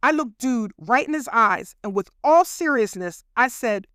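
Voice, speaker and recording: A woman tells her own story in a relaxed, chatty way, talking straight to her listeners as if to friends. Her voice sits a little high, and the recording is dry and close, with no room sound. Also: measured pace, clean tone, no echo. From Philadelphia. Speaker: podcast host telling her own story. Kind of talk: casual personal storytelling.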